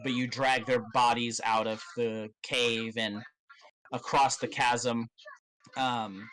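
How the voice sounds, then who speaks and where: A man narrating as game master of a tabletop game, in a loose, halting way with many fillers and casual swearing. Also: mid-range voice, level tone, a bit bright, slight background noise, low-quality recording.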